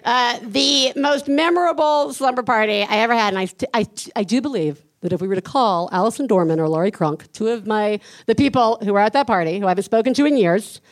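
A woman with a slightly high voice tells a story on a live podcast stage. She talks animatedly, acts out screams and sing-song chants, and laughs along as she goes. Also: lively intonation, brisk, few pauses. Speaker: podcast co-host. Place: live stage before an audience.

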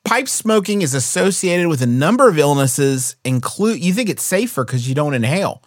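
Animated joking man on a podcast. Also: a little high, normal speed, dry recording, studio quality. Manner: animated, joking, talks in bits. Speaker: podcast co-host. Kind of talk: casual comedic chat.

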